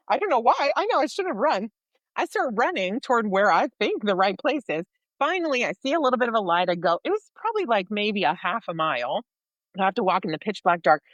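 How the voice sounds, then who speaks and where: An American woman co-hosting a podcast, telling a personal story in a lively way and acting out the voices of people in it. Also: mid-range voice, no echo, dull audio. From United States. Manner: animated storyteller, acts out dialogue. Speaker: podcast co-host sharing her faith story.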